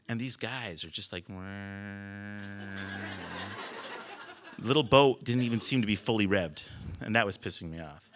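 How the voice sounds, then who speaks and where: A man telling a personal story on a small live stage, animated, laughing often and swearing casually. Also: mid-range voice, a little hiss or hum.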